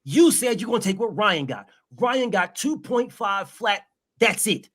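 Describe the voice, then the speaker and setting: A man's voice: high voice, very animated, measured pace, a bit bright, full character voice. A man impersonating a brash, cocky male champion boxer who dictates terms in a boastful, profane way. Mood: boastful, demanding. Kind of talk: impression in a boxing debate.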